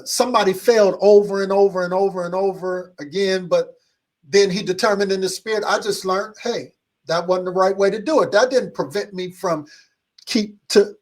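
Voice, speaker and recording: A middle-aged man preaching a motivational sermon to a livestream audience, repeating phrases, calling for responses and building in excitement. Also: sits high. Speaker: pastor.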